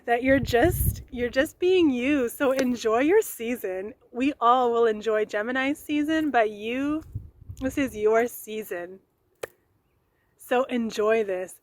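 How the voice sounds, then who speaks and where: A woman host giving a casual tarot reading, excitable and chatty, swearing now and then. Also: fairly high pitch. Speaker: tarot reader. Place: outdoors in nature.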